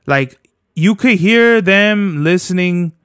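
A man's voice: high voice, animated, slow, fairly bright tone, smooth, dry recording, studio quality. A man hosting his own podcast from home, chatting in a rambling, profane, slang-heavy way. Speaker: podcast host. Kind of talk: casual solo podcast chat.

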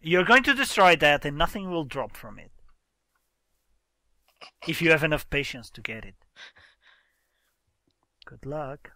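A man hosts a casual let's-play, grumbling and exclaiming as things go wrong. His voice sits a little high and bright, swinging widely in pitch at a slow, unhurried pace. The sound is dry and close. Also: sing-song, no echo. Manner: exasperated, exclaiming, explaining game mechanics. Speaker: gaming channel host.

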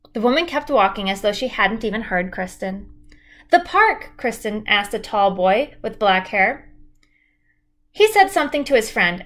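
Woman teacher reading a chapter book aloud, steady, clear, slightly high voice.

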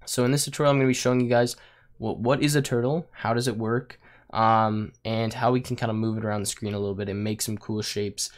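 A young man talks through a coding tutorial in a relaxed, chatty way, his voice raspy and worn from a week of losing it. His pitch sits a little low. Keys clack now and then in the background. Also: fast. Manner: casual, with fillers like um and like. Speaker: programming tutor. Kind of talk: screen-recorded coding tutorial.

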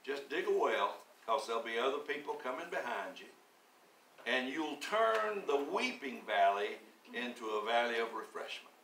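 A man in his seventies preaching a sermon, telling his story slowly and deliberately, then building to emphatic, rising declarations. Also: medium pitch, sing-song, a bit bright, reverberant, recorded from a distance, slight background noise. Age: 70s. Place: church sanctuary.

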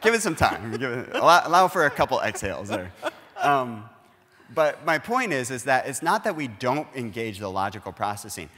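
A man's voice: mid-range voice, sing-song, normal speed, sharp tone, in a large hall. A man speaking as a pastor in a conversational sermon, earnestly explaining and acting out everyday dialogue. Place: church auditorium.

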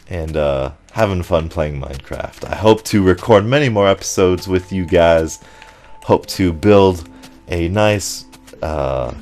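A young man hosting his gaming channel, rambling through an excitable story in casual commentary. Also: deep voice. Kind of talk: casual commentary over gameplay.

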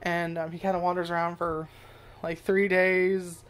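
A woman's voice: lowish voice, little pitch movement, moderate pace. Rambling, foul-mouthed woman recapping a show. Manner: rambling, profane, self-correcting. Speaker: anime reviewer. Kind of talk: casual first-impressions chat.

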